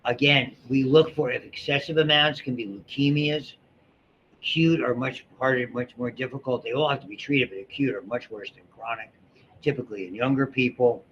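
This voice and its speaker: A middle-aged man lectures a biology class in a chatty, rambling way, often restarting his sentences and wandering into asides. His voice sits at an ordinary pitch. The classroom recording sounds dull, with a faint hiss underneath. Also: normal speed, a bit bright. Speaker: biology instructor.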